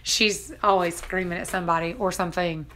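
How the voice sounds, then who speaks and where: A woman's voice: lowish voice, fairly even intonation, a little fast, a bit bright. A woman in her thirties, a vlogger and mother, chatting casually and telling stories, acting out quotes and laughing often. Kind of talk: casual chat.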